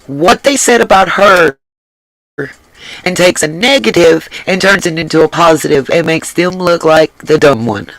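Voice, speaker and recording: A man with a high voice comments on a clip he is watching, talking straight to his viewers in a loose, gushing way. He repeats his praise often. The sound is dry and close. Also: moderate pace, fairly bright tone, dry recording, low-quality recording. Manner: effusive, emphatic, repeats phrases. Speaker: host reacting to a video. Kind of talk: casual reaction commentary.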